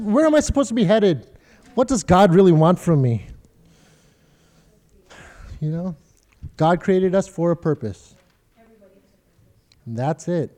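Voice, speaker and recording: Man, middle-aged, high voice, sermon, animated storyteller, speaks straight to the congregation. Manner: animated storytelling, quoting others in funny voices, talks directly to the congregation. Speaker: pastor.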